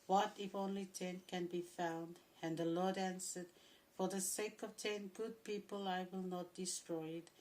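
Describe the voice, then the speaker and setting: A woman reading Bible passages aloud in a steady, even manner. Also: fairly low pitch, measured pace, rough recording. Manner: steady, even reading with occasional throat clearing. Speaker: scripture reader.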